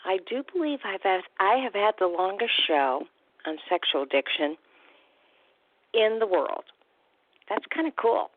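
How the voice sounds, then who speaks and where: A woman's voice: mid-range voice, expressive, measured pace, long pauses, no room sound. A woman hosting a radio talk show as a recovery coach, chatty and upbeat, with casual fillers. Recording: tinny phone-line sound, dry.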